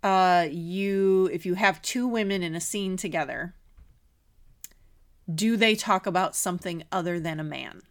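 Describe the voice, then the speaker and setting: A woman co-hosting a podcast in casual chat, animated and exclamatory, laughing easily and often clearing her throat. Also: fairly low pitch, unhurried. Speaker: podcast co-host.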